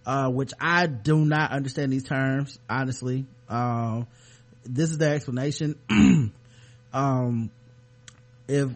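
A man co-hosting a podcast in loose, casual chat, clearing his throat now and then. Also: mid-range voice, fairly even intonation, slow pace. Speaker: podcast co-host.

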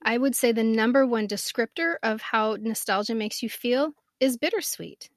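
A woman in her fifties co-hosting a casual podcast chat, telling stories with animated swings from soft to loud. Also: on the high side, normal speed, dry recording, clean studio sound. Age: 50s. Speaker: podcast co-host.

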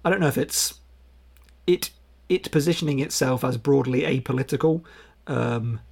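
A man co-hosting a podcast, chatting casually about films in a halting way, repeating words as he goes. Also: medium pitch, creaky, breathy edge. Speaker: podcast co-host. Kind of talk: casual film chat.

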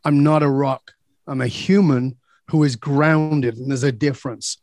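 A man's voice: medium pitch, measured pace, darkish tone, no room sound, studio quality. A man guest on a podcast, telling personal stories in a blunt, emphatic way and swearing freely. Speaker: podcast guest, leadership speaker. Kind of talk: candid personal storytelling.

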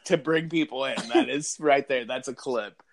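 A man's voice: mid-range voice, normal speed. A man co-hosting a podcast in casual chat, telling stories with wry jokes. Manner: wry storyteller, joking. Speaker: podcast co-host.

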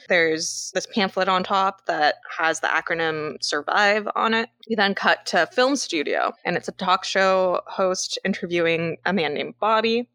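A woman's voice: fairly low pitch, no room sound. A young woman from Canada co-hosting a casual movie podcast, retelling scenes with lots of laughter. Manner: laughs often, animated retelling. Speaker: podcast co-host.

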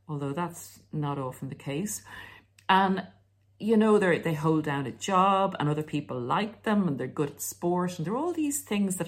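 A woman host talking through relationship advice in a casual monologue, sarcastic at times. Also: deep voice. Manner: sarcastic, acts out mocking quoted voices. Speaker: self-help video host.

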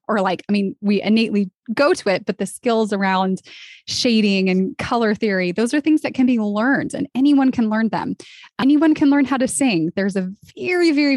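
A woman guest on a podcast, a professional singer who talks in an earnest, encouraging way and gets animated when she voices what others might think. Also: on the high side, no room sound, clean studio sound. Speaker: podcast guest, vocalist and arts nonprofit founder. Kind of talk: conversational interview.

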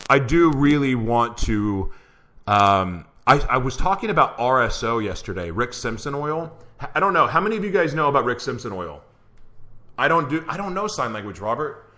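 A man hosting a live-streamed show, chatting casually, laughing often and reading an introduction aloud, with a voice that is going hoarse. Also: mid-range voice, lively intonation, moderate pace, bright, forceful tone. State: losing his voice. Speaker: show host.

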